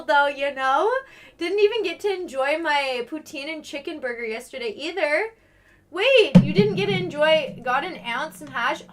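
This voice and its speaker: A woman's voice: sits high, normal speed. A young woman streaming and chatting casually with viewers, swearing freely and reading chat aloud. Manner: excitable greetings, frequent laughs.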